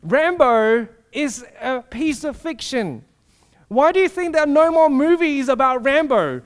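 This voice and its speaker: A man preaching a sermon with animated storytelling, acting out voices. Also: very high voice, a little slow.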